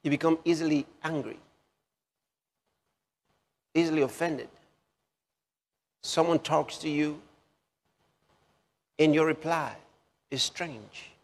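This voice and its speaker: A male preacher delivers a sermon at a very slow, deliberate pace, leaning hard on repeated phrases. His voice sits a little high for a man and rings with the long reverb of a large hall.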